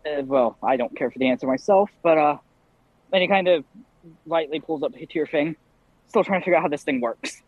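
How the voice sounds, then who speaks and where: Husky, hesitant male player on a dull, lo-fi mic. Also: fairly high pitch, a little fast, no echo. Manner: hesitant, full of fillers. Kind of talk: casual in-character play.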